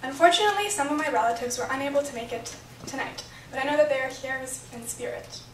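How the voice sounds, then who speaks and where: A young woman with a high voice speaks quickly, reading an earnest, emotional prepared speech from her notes at a bat mitzvah celebration. She was recorded from a distance in an echoey hotel function room, with slight background noise.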